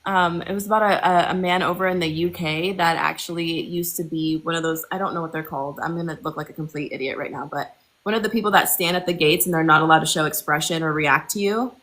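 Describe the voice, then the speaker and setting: A woman's voice: sits low, fairly even intonation, fast, fairly bright tone, low-quality recording. A woman guest on a casual live chat, retelling a story she read, with hesitant restarts.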